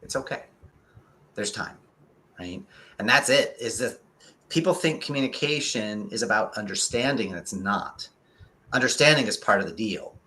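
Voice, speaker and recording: A man who is a guest consultant on a live talk show, speaking with excitement and drive, racing ahead and then deliberately slowing down to press his points. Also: lowish voice.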